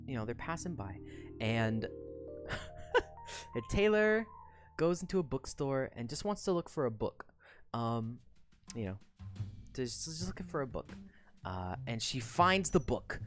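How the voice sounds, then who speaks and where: A young woman recaps a story on a casual livestream, her pitch leaping around in a lively, animated way. She swears freely, giggles often and rambles through fillers. Soft music plays faintly behind her. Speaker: streamer discussing a web serial.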